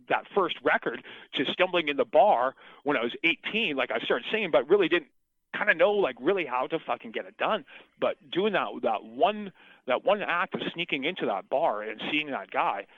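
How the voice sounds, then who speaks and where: A man's voice: on the high side, dry recording. A middle-aged man, a singer, telling his story in a casual interview, rambling and swearing freely with lots of restarts. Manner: rambling, profane, restarts often. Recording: tinny phone-line sound, dry.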